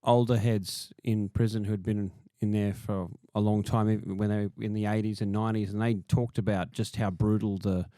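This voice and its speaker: A man's voice: fairly low pitch, level tone, fairly quick, hardly any pauses, mellow, dry recording. A man hosting a podcast, chatting casually, agreeing often and asking long questions. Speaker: podcast host. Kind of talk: casual interview.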